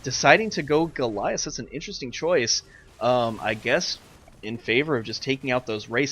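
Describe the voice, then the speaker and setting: A young man casting a live online strategy game, ranting and exasperated, swinging between loud outbursts and muttered asides. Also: medium pitch, animated, normal speed, breathy edge. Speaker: game caster and streamer.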